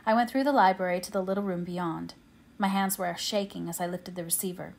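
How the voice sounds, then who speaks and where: A woman narrating an audiobook in a measured, quiet, steady way. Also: fairly low pitch, gravelly, a little hiss or hum. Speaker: audiobook reader.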